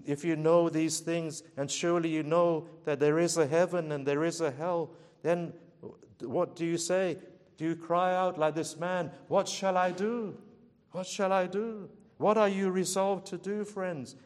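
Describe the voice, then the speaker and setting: A man delivers a sermon with earnest, pleading urgency, pressing his listeners with repeated questions. His voice sits a little higher than most men's. The sound carries a long reverb, as if from a large hall. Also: steady tone, a little slow, a little mellow. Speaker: preacher.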